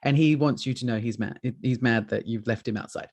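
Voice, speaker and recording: A man's voice: mid-range voice, a little fast, darkish tone. A young man hosting a podcast, chatting casually and acting out his dogs with swearing and put-on voices. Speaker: podcast host. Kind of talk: casual chat.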